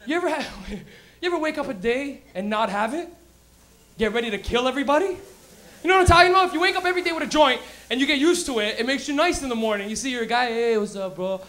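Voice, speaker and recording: A man hosting a comedy show, doing a loud, crude stand-up bit with acted-out rants. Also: extremely high pitch, animated, fast. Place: comedy club stage.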